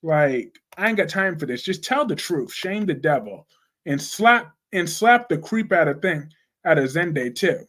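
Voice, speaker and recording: A young man hosting a casual live chat about soap operas, blunt and animated, answering viewer comments with slang. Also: on the high side, a little slow.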